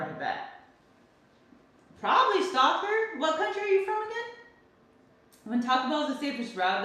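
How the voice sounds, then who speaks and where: A woman's voice: on the high side, a bit bright. A young woman from California hosting a casual livestream, reading chat comments and ranting freely with some swearing. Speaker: livestream host. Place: home kitchen. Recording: very echoey room.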